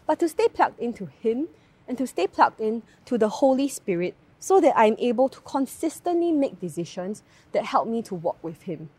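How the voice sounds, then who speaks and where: A young Singaporean woman with a Singaporean English accent giving a devotional talk, telling a personal story in a chatty, animated way with lots of tag questions. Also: on the high side.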